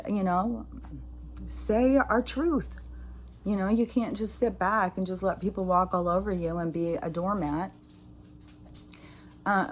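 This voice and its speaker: A woman's voice: mid-range voice, slight background noise. An American woman talking casually to camera as a spiritual vlogger, swearing freely as she vents and reflects. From United States. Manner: profane, ranting and animated. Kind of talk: casual spoken monologue.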